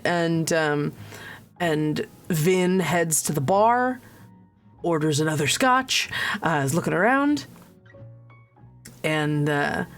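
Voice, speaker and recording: A woman narrating as game master of a tabletop game, halting with many pauses and restarts. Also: sits low. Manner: halting, lots of ums and restarts, laughs. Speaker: dungeon master.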